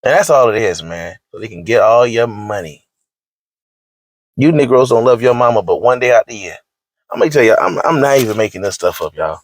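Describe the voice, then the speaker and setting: A man's voice: lowish voice, animated, a little fast, no room sound. Emphatic, scolding man in a dry room. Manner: emphatic and repetitive, scolding, slangy. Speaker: online commentator. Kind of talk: preachy rant to camera.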